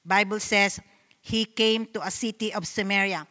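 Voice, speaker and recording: A woman's voice: medium pitch, fairly even intonation, moderate pace, bright, forceful tone, big-room sound, lo-fi sound. A woman with a Filipino accent giving an earnest sermon, reading Bible verses aloud and explaining them. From Philippines. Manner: earnest, reads scripture then explains it. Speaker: Bible study speaker.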